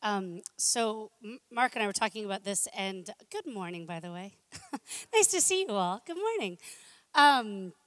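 A woman sharing a testimony in a church, speaking softly and hesitantly. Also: mid-range voice, lively intonation, moderate pace, no room sound, big-room sound. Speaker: congregation member sharing. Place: church hall.

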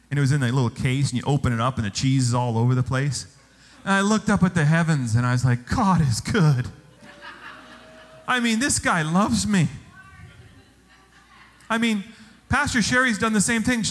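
A male pastor preaching a sermon, telling stories with animated exclamations. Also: fairly high pitch, fairly quick. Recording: long hall reverb.

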